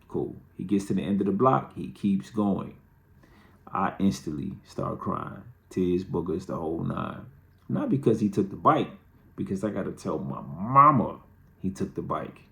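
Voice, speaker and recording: A man's voice: sits low, animated, moderate pace, creaky, pushed and bright. A middle-aged man hosting a show, telling a personal story in a candid, conversational and dryly humorous way. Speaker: host.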